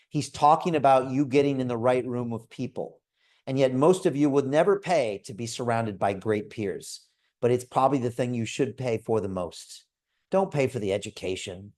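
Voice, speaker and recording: A man in his fifties hosts a live video call. He pitches hard and persuasively, with an energetic, storytelling manner. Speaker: host.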